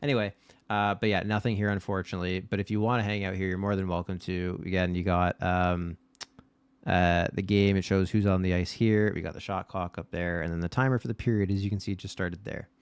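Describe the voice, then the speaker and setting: Blunt low-voiced man hosting a stream. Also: steady tone, a little fast, clean tone, no echo. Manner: addresses chat directly, blunt and swearing. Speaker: live-stream host. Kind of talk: casual live watch-party chat.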